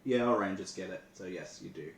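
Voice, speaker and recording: A man's voice: low-pitched, a little fast, far from the mic. A man running a tabletop game as game master, easygoing in his rulings. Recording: echoey room, off-mic, faint background hiss.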